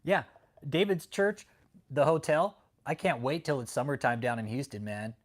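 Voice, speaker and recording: A man's voice: medium pitch, moderate pace. A man hosting a casual livestream, talking bluntly and profanely and greeting viewers in the chat. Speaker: livestream host.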